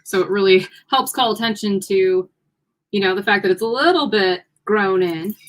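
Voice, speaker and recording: An upbeat woman co-hosts a relaxed livestream from a home studio. She chats easily and giggles often while she models and describes wigs. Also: medium pitch, normal speed. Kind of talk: casual livestream product demo.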